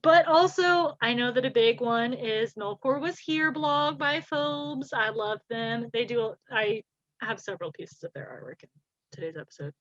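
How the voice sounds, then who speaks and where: A high-voiced woman chats casually with a co-host, giggling as she talks through fan memes. The recording is dry and a little dull, as if from a home setup. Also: moderate pace, no echo. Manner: giggly, reads meme captions in little voices. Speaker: podcast co-host.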